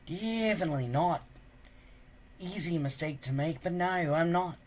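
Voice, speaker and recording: A man voicing a charming, scheming stranger in a storybook reading, in a suave, smooth manner. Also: fairly high pitch, unhurried, slight background noise, voice pushed up, lightly acted. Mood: airy.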